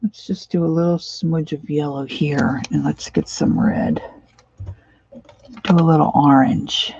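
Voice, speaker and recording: Her voice is deep and husky with vocal fry, a little slow and fairly even in intonation, captured on lo-fi audio. She's a middle-aged Pennsylvania woman with the matching accent, rambling casually over her painting on a livestream and drifting into warm nostalgia.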